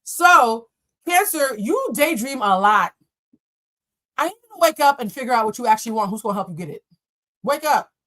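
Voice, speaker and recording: A woman reads tarot on a live stream. She is animated and blunt, and she talks straight to her viewers and swears freely. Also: fairly high pitch, brisk. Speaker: tarot reader.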